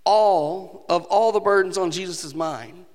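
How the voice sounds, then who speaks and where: A man's voice: sits high, measured pace. A male pastor preaching a sermon, earnest and rising to emphatic passages. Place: church sanctuary. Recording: long reverb of a large hall.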